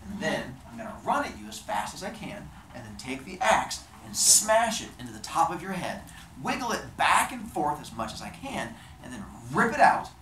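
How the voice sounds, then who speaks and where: A man's voice: big pitch swings, moderate pace, recorded from a distance, background noise. A man voicing Hephaestus, an eager young smith god, in a raised, chipper voice. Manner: chipper, higher-pitched. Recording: roomy echo.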